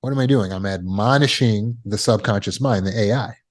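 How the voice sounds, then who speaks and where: A man's voice: fairly low pitch, a little fast. A man teaching trauma recovery as a coach, speaking emphatically and repeating phrases for effect. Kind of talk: motivational teaching talk.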